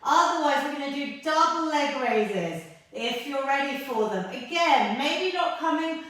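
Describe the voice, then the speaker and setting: A woman's voice: high voice, lively intonation, measured pace, a bit bright. A woman fitness instructor coaching a workout from the mat, encouraging and out of breath as she exercises along. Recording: echoey room, voice from far off mic.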